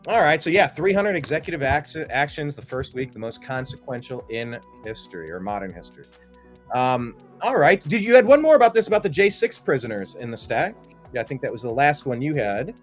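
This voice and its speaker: Excitable, joking talk-show host. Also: male voice, medium pitch, fairly quick, faint music behind. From Cleveland, Ohio area. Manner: excitable and jokey, with loud outbursts. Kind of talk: political talk show chat.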